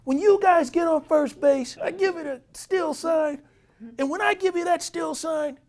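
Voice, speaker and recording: A man impersonating a furious, foul-mouthed older baseball manager who scolds his team in a loud, gravelly voice. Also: high voice, very animated, moderate pace, pitched above the performer's own voice. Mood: scolding. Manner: yelling, scolding.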